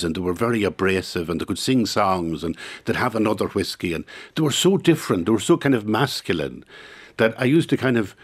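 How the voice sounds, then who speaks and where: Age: adult. Sex: man. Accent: Irish. Pitch: fairly low. Style: reflective interview guest in a studio. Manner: halting, searching for words. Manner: thoughtful, halting, many repeated words. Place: radio studio.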